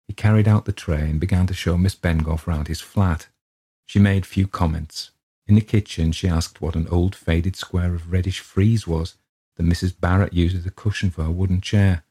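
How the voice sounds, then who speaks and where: A man narrating a classic ghost story in a measured, steady reading. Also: low-pitched, breathy edge.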